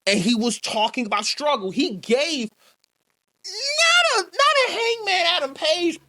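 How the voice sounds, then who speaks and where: A woman co-hosts a podcast in a blunt, animated manner, swearing freely. Her fairly high voice swings widely up and down as she makes her points. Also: measured pace. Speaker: podcast co-host. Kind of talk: casual chat.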